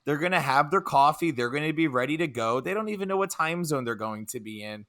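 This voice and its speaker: A man's voice: a little high, lively intonation, quick pace, a bit bright. A man co-hosting a casual sports podcast, joking around and laughing easily as he trades playful trash talk. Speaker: podcast co-host.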